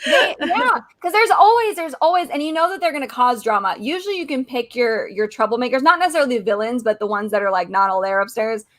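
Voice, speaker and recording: A woman co-hosting a casual reaction chat, chatty with quick asides and frequent laughs. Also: a little high, animated. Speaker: co-host.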